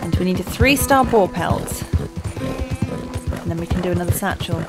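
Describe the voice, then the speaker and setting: A woman's voice: on the low side, expressive, normal speed, over loud music. A young woman hosting a let's-play, chatting casually as she plays and often laughing at her own mistakes. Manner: chatty, thinks aloud and laughs at herself. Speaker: gaming let's-play host. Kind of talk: casual game commentary.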